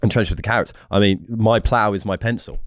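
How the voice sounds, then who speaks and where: A man's voice: fairly low pitch, fairly even intonation, brisk, dry recording, studio quality. A man co-hosting a casual comedy podcast, playful and reading quotes aloud with mock gravity. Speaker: podcast co-host.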